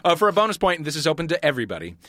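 A man hosts a comedy quiz podcast with wry, joking banter. His pitch swoops and bounces as he talks. The sound is close and dry, with no room around it. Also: racing, dry recording. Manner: wry, joking, lively delivery. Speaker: quiz host.

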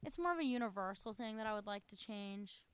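A woman's voice: medium pitch, expressive, fast talker, smooth, no echo. A young college woman from North Carolina, chatting casually with a friend and using lots of "like" fillers. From North Carolina, US Southern. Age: young adult. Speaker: college student co-host. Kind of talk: casual chat.

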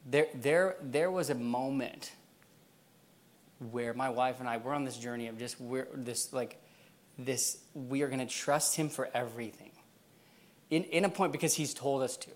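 A man's voice: mid-range voice, normal speed. A man preaching a sermon in a church, telling a personal story in a casual way, with many fillers and frequent laughs. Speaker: pastor.

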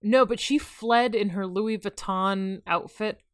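A woman's voice: medium pitch, a little slow, dry recording. A woman co-hosting a comedy podcast, reading a novel aloud with dry, teasing asides. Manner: dry, teasing, reads passages then jokes.

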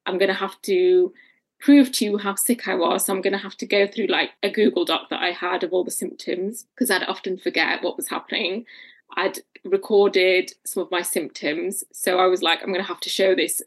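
A woman, telling her own story as an interview guest and acting out what others said to her. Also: medium pitch. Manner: acts out quoted people in lively voices. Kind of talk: personal storytelling in conversation.

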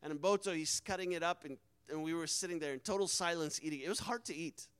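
A man's voice: on the high side, fast talker, fairly bright tone, smooth, no room sound, low-quality recording. A man, a missionary, telling a personal testimony with earnest emotion and acting out the quoted dialogue. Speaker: missionary speaker.

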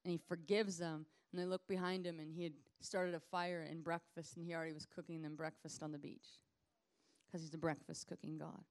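A woman preaching a casual, conversational sermon, animated and acting out scenes as she tells them. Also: sits low, fairly quick.

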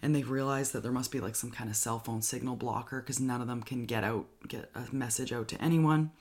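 A person recapping a film's plot in casual, excited chat, full of "like" and quick acted-out lines from the characters. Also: medium pitch. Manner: chatty, filler-heavy with frequent "like", enthusiastic. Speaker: movie reviewer.

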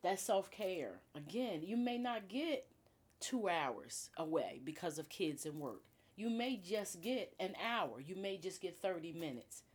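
Chatty low-voiced woman guest. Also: lively intonation, measured pace, slightly rough. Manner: chatty, quotes herself, "you know what I mean". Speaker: guest, beauty bar co-owner. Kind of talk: casual interview talk.

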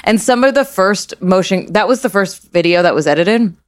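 A woman's voice: mid-range voice, animated, normal speed. A woman directing a show, talking enthusiastically and swearing casually on a podcast.

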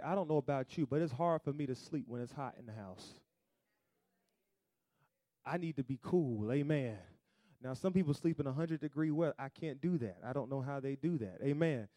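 Pastor preaching in church, kinda high voice, dry close sound, goes loud then real quiet. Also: male voice, dry recording. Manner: call-and-response preaching, swings from loud to hushed. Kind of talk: sermon.

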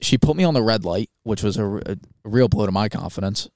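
A young man co-hosting a podcast, telling a story in a casual, animated, swearing way and acting out quoted voices. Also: on the low side, a little fast, no room sound, studio quality. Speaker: podcast co-host.

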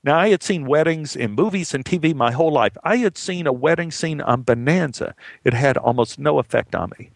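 A man telling a personal story in a measured, heartfelt way, acting out the dialogue as he goes. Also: on the high side, animated, creaky, dry recording, studio quality.

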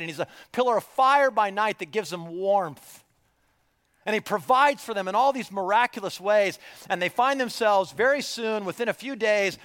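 A man preaching a sermon as a story, animated, jumping from loud bursts to hushed near-whispers. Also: high-pitched. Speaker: pastor.

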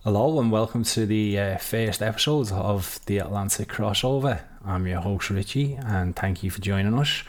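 A man hosting a casual sports podcast, chatty and quick to laugh. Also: lowish voice. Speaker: podcast host. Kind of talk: casual chat.

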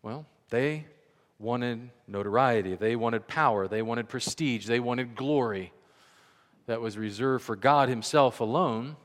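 A man preaching a sermon in a conversational, animated way, acting out the voices he quotes. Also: mid-range voice, unhurried, big-room sound. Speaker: pastor.

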